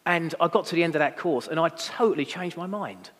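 A man's voice: a little high, lively intonation, fairly quick, fairly bright tone. A young adult man, preaching a sermon in a chatty, self-deprecating storytelling manner with many fillers. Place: church hall. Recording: long hall reverb.

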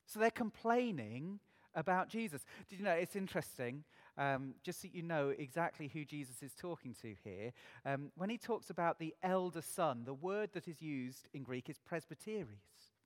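A man's voice: fairly high pitch, expressive, normal speed, big-room sound. A man preaching a sermon in an earnest way, asking his listeners many rhetorical questions.

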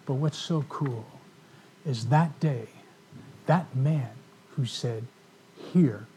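A man telling stories in a sermon to a live audience, animated, acting out the voices of the people in his stories. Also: medium pitch, slow, slight background noise. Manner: animated storyteller, acts out quoted voices. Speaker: ministry speaker. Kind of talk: storytelling sermon talk.

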